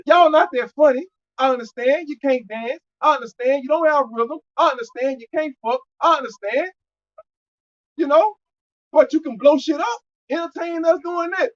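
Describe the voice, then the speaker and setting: Male street preacher, high voice, loud and profane, muffled lo-fi recording. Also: moderate pace.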